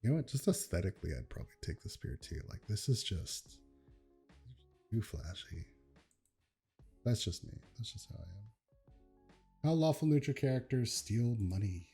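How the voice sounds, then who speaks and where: A young man chatting casually while reacting to memes at his computer, laid-back and quick to laugh. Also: fairly low pitch, lively intonation, gravelly, mellow, slightly rough, soft background music.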